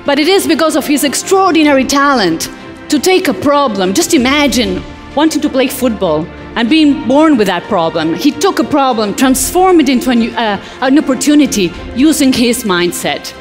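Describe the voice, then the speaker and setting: A woman from Argentina, giving a lively motivational talk on stage and addressing the audience directly. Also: high-pitched, normal speed, faint music behind. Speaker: motivational speaker. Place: large hall on stage.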